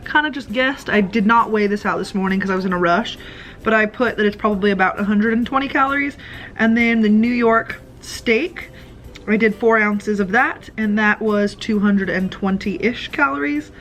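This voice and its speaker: A woman's voice: mid-range voice, moderate pace, fairly bright tone. A woman vlogging casually about her meals, chatty and rambling with lots of filler words. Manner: chatty, rambling with many ums. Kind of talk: casual food diary vlog. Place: home.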